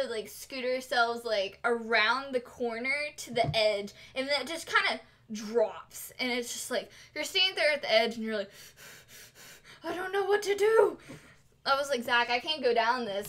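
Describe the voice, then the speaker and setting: A young woman streaming while she crafts, telling a story in a casual, animated way with lots of fillers and giggles. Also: sits high. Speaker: cosplay streamer.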